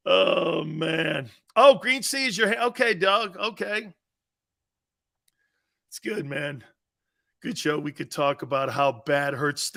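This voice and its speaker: A man hosting a live sports talk show, joking loudly with viewers, reading their comments and laughing often. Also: on the high side, creaky. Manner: joking, loud, laughs often, calls out chat names.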